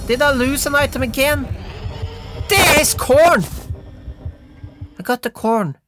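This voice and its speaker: A woman giving excitable let's-play commentary, yelping and giggling as she plays. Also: high-pitched, measured pace, pauses often, music in the background. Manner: excitable, yelps and giggles while playing. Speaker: gamer.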